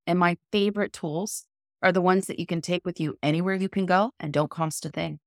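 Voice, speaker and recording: A woman guest on a podcast interview, explaining a method in a calm, measured, coaching tone. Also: fairly low pitch, no echo, clean studio sound. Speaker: guest, cold immersion method founder.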